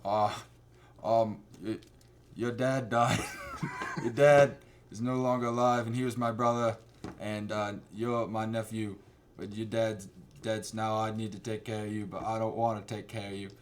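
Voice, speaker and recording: A man's voice: on the low side, flat delivery, slight background noise, lightly acted. A man putting on a Boston accent to play a reluctant, mumbling uncle in a movie parody. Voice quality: halting, mumbled.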